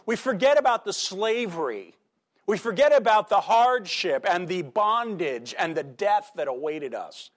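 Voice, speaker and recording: Male pastor, slightly raised pitch, conversational sermon delivery with rhetorical questions and animated swings in volume. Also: normal speed. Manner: animated, swings between loud emphasis and quiet asides.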